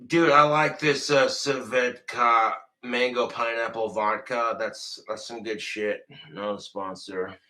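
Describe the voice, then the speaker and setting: Loud profane drunk man ranting. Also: medium pitch, steady tone, slow, hardly any pauses, poor audio. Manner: profane, loud outbursts, swings into shouting. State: drinking, tipsy. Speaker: livestreamer. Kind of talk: drunken rambling livestream.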